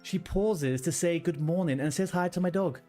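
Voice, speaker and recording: A man's voice: a little high, moderate pace, dark tone, faint music behind. Ranting streamer guy. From London, England. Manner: chatty, ranting, swears freely. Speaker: livestreamer. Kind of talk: casual chat with viewers. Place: home room with a blue wall.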